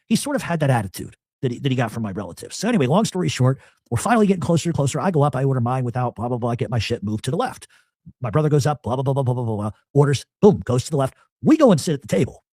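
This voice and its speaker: Fast, animated man telling a profane story. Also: medium pitch, dry recording, clean studio sound. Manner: profane, animated, acts out quotes. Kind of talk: casual storytelling.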